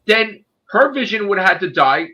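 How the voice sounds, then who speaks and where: A man's voice: high-pitched, sing-song, normal speed, sharp tone. A man casually discussing a movie on a podcast in a ranting, profane and emphatic way. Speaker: podcast host. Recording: dull lo-fi sound.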